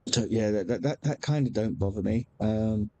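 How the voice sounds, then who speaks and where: A man's voice: on the low side, normal speed, darkish tone. A man, chatting candidly as a game streamer, rambling with frequent restarts and casual swearing. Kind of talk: casual chat while gaming.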